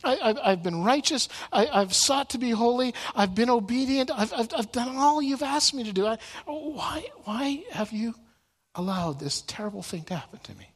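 A man's voice: high-pitched, expressive, moderate pace, fairly bright tone, breathy edge, exaggerated voice. A man voicing an anguished ancient man who pleads his innocence, stammering over his words. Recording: long reverb in a large room.

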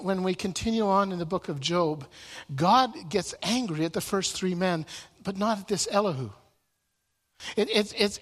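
A man's voice: high voice, fairly bright tone. A man teaching from the Bible in sermon style. He often repeats words and restarts his sentences. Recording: long reverb in a large room.

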